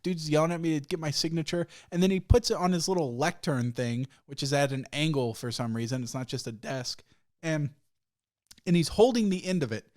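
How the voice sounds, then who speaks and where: A young man hosts a solo podcast, rambling through stories with plenty of profanity and frequent laughter. His voice sits on the high side, with a darkish tone, and he talks fairly quickly.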